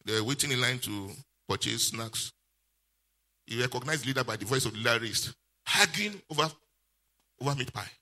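A male pastor, preaching a sermon with lively call-and-response questions. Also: medium pitch, brisk, long pauses.

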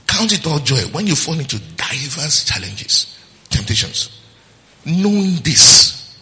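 Preaching pastor, lively and bright. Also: male voice, mid-range voice, in a large hall. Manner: preaching with call-and-response and acted-out quotes. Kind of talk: sermon.

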